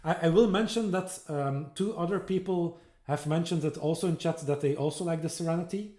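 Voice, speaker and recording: Halting male host in an echoey room. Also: fairly high pitch, a little mellow. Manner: halting, many fillers and restarts. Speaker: host, interviewer. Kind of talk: casual interview chat.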